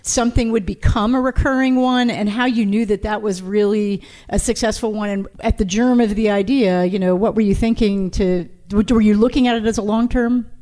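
A woman interviewing a guest, asking long questions in an enthusiastic, halting way. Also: medium pitch, steady tone, mellow.

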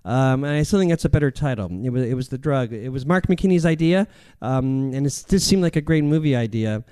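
A man's voice: medium pitch, animated, fairly quick, mellow, smooth. A man, a comedian, rambling through self-deprecating stories in a casual interview. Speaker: comedian guest.

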